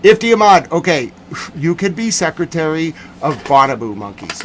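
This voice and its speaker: A man's voice: fairly high pitch, big pitch swings, normal speed, a little hiss or hum. A man hosting a live news stream, reading chat and riffing jokingly with mock-serious rants. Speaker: livestream news host answering chat. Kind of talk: casual livestream chat.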